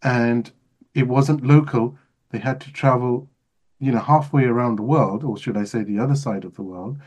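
A man's voice: medium pitch, moderate pace, darkish tone. Man hosting with effusive rhetorical questions. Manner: effusive, rhetorical questions, repeats points for emphasis. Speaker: podcast host. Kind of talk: interview conversation.

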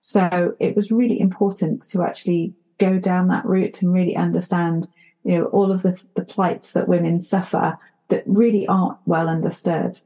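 A woman's voice: lowish voice, flat delivery, moderate pace, dark tone. A woman being interviewed as a health expert, earnest and explanatory, with fillers. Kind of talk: radio interview.

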